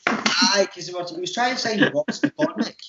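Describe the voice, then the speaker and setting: A man co-hosting a casual podcast, telling long, animated stories. His voice sits a little high, and the audio is dull and lo-fi. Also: moderate pace, background noise. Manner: rambling, animated storytelling. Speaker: podcast co-host. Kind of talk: casual chat.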